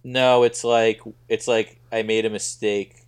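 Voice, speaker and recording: A man's voice: fairly low pitch, level tone, a little slow, clear, resonant tone. A man co-hosting a podcast in casual chat, making dry jokes and puns. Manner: dry, joking, punning. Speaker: podcast co-host.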